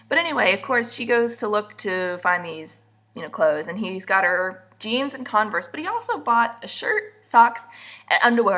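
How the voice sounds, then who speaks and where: A woman's voice: mid-range voice, big pitch swings, moderate pace, pushed and bright. A young woman vlogger giving a casual, sarcastic recap, a little stuffy from allergies, seated indoors at her camera. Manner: sarcastic, mocking asides.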